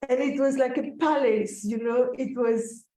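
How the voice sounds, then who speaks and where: A woman telling a personal story in an interview, slow, reflective and emotional. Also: a little high, steady tone, warm tone. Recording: echoey room, voice from a distance.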